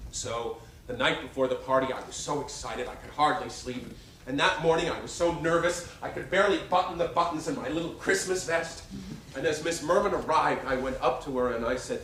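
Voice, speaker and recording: A man in his fifties performing a one-man show, telling stories in an animated, self-mocking way. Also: fairly high pitch, a little fast, slight background noise. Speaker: stage performer. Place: theater stage. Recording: roomy live stage sound from a distance.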